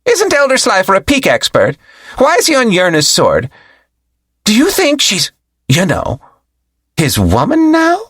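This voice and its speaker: A sly young disciple trades gossip in a raised, lively voice, as a man puts him on. He is playful and conspiratorial, recorded close and dry. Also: high voice, a little slow, pauses often, slightly rough, no room sound, pitched above the performer's own voice, heavily acted. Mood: gossipy.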